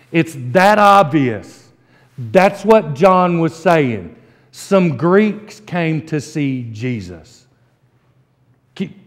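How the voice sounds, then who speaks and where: Slow-preaching pastor in a reverberant church. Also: male voice, sits high. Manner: folksy storytelling, slow emphatic preaching. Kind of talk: sermon. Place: church sanctuary.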